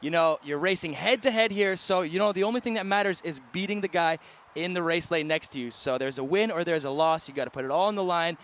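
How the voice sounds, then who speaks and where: A man's voice: on the high side, fast talker, fairly bright tone. A man giving expert co-commentary outdoors at a bike event, emphatic and repeating words for stress. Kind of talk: live sports commentary.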